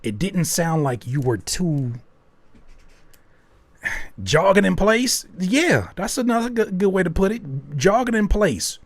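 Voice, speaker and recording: A man's voice: sits high, no room sound. A man hosting a live stream, reviewing listeners' songs with candid, joking critique and thinking aloud as he goes. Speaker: host reviewing listener music. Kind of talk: live music feedback stream.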